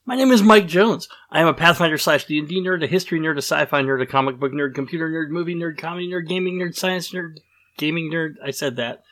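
A man's voice: a little high, fast talker, sharp tone. A man hosting a casual podcast, rambling and self-deprecating, with lots of fillers and restarts. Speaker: podcast host.

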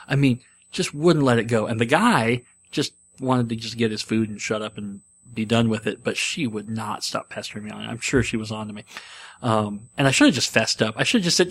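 A man's voice: mid-range voice, fairly quick, fairly bright tone. A young adult man rambling in a casual monologue, wry and self-deprecating, with lots of ums and restarts. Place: in a car.

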